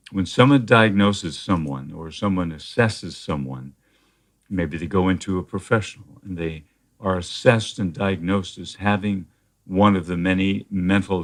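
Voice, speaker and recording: Deep-voiced man explaining in measured tones. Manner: measured, explanatory, with frequent fillers and restarts. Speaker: therapist guest. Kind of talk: conversational interview.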